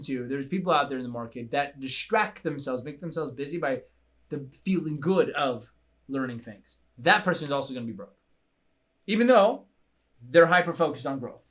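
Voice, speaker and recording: Blunt, profane young man, higher voice. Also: fairly quick. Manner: blunt, profane, animated storytelling. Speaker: coaching podcast host. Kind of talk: casual chat.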